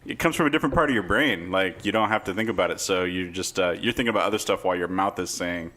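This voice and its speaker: A man's voice: low-pitched, fast talker, pushed and bright. A man co-hosting a casual podcast, wry and sarcastic, laughing often as he talks. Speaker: podcast co-host, social worker.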